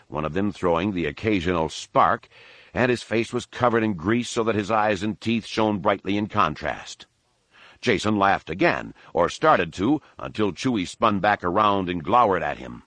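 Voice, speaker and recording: A man narrating an audiobook in a steady, unhurried storytelling manner. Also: lowish voice, dry recording. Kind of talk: scripted narration.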